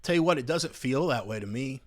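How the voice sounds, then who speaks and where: A man's voice: mid-range voice, expressive, brisk. Sarcastic man ranting to camera. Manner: mocking, sarcastic, talks straight to viewers. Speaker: political commentary host. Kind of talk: casual opinion commentary to camera.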